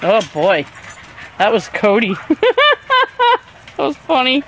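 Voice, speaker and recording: A woman's voice: medium pitch, expressive, moderate pace, noisy background. A woman filming her dogs outdoors on a backyard deck with a handheld camcorder, doting and laughing as she talks to them. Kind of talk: casual home video chat.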